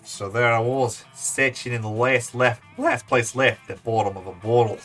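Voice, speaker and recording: A man voicing a down-on-his-luck male moth detective with a put-on Australian accent, in slow, brooding noir narration for a game. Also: medium pitch, fairly even intonation, a bit bright, soft background music, natural voice.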